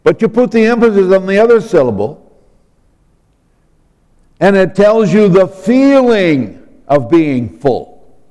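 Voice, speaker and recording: A man preaching a sermon, explaining a word slowly and deliberately, spelling it out letter by letter. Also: sits high, big pitch swings, warm tone, in a large hall. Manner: slow and deliberate, spelling out words.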